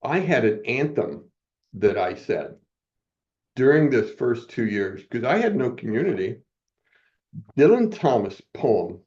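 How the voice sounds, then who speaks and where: A man's voice: mid-range voice, very animated, a little slow, long pauses, a little mellow, lo-fi sound. A man in his seventies telling personal stories as a podcast guest, motivational and acting out quoted dialogue. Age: 70s. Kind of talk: personal storytelling in a podcast interview.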